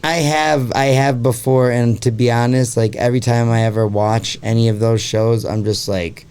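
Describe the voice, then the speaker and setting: A man's voice: medium pitch, fairly even intonation, normal speed, darkish tone, a little hiss or hum. A man hosting a podcast in casual chat, rambling with lots of fillers and swearing freely. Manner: rambling, heavy on fillers like "like" and "you know". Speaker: podcast host.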